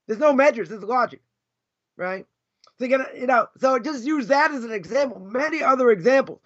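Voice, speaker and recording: A man's voice: very high-pitched, animated, a little fast, fairly bright tone. A man with a Boston accent teaching an informal Torah class as a rabbi, arguing in rhetorical questions and repeating his key phrases for emphasis. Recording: dull lo-fi recording.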